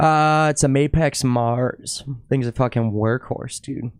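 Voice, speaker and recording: A man's voice: medium pitch, unhurried, smooth, dry recording. A young man from Minnesota, a drummer guesting on a podcast, chatting casually and swearing often. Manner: laid-back, swears often, says yep a lot. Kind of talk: casual chat.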